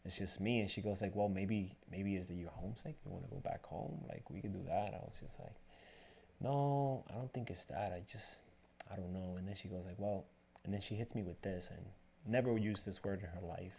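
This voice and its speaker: Low gravelly man telling a story. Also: brisk, slight background noise. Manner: rambling, animated retelling with quoted dialogue. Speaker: barbershop owner, guest. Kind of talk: casual storytelling interview.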